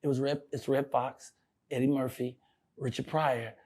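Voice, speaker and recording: An older male comedian telling stories in a casual interview, profane and animated, often laughing. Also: medium pitch, moderate pace, husky.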